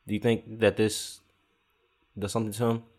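Low-voiced New podcast host. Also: male voice, completely flat delivery, normal speed, darkish tone. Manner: reads stories, then asks questions. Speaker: podcast host reading news. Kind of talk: casual hip-hop podcast chat.

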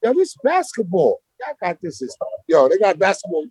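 New man, high voice, dry booth sound, rambling slangy guest. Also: normal speed, slightly rough, dry recording. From Brooklyn, New York. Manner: animated, slangy, rambling street talk. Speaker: interview guest, former street basketball player. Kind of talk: casual storytelling interview.

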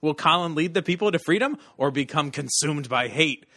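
A man's voice: fairly high pitch, animated, fairly quick, sharp tone, no room sound, studio quality. A man hosting a casual podcast, reading out descriptions and chatting with laughs. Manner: reads descriptions aloud with laughs. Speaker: podcast host.

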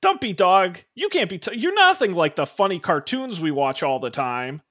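A man voicing a cheerful, blunt young girl in a high, emphatic voice. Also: very animated, normal speed, fairly bright tone, heavily acted.

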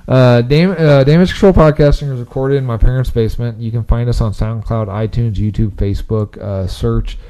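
A man hosts a loose, chatty podcast from a home basement, with a mellow, warm tone. He rambles along excitedly and breaks into laughter now and then. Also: medium pitch, brisk, hardly any pauses, clean tone. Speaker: podcast host. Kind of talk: casual podcast chat. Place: parents' basement.

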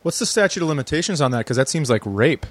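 A man's voice: a little high, animated, fast, no echo. A comedian guest from Minnesota, a man chatting and cracking jokes on a podcast. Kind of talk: casual chat.

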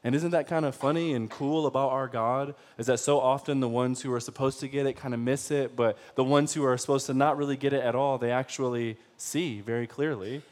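A man's voice: mid-range voice, steady tone, fairly quick, few pauses, a little mellow. A man preaching a sermon in a casual, conversational way, often putting questions to the congregation. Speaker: pastor.

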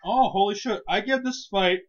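Man, high bright voice, profane animated ranting, casual podcast chat, dull lo-fi sound. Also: normal speed. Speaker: co-host.

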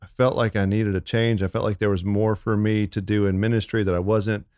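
A man on the church staff, co-hosting a casual faith podcast in an animated, upbeat way, with lots of fillers. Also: lowish voice, fairly quick, clean tone, no room sound, clean studio sound.

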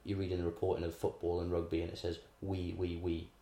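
A man talks casually, half explaining and half joking, in a very low voice. His voice bounces around a reverberant room. He sounds relaxed and chatty, with a lecturing edge. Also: rapid-fire. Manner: chatty, lecturing, laughs at his own asides. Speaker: podcast co-host explaining political theory. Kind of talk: casual conversational chat. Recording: echoey room.

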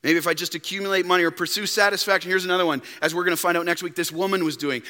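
A man preaching a sermon as pastor, emphatic, dropping to quiet rhetorical questions. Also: high-pitched, fairly even intonation, very fast, hardly any pauses. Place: church. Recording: long reverb in a church hall.

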